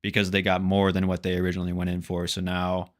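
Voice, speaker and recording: A man's voice: deep voice, completely flat delivery, fast talker. A young man co-hosting a casual podcast, rambling through a TV recap and acting out the characters' lines. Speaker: podcast co-host.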